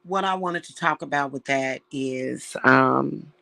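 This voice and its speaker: A woman's voice: rumbling low, slow pace, vocal fry, fairly bright tone. Heartfelt woman near tears, spiritual talk. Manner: heartfelt, emotional, addresses viewers as y'all. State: close to tears. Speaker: witch and spiritual reader. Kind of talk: casual spiritual talk to viewers.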